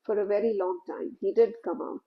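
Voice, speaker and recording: A woman telling a spiritual story in a gentle, unhurried, conversational way. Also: medium pitch, fairly even intonation, lo-fi sound.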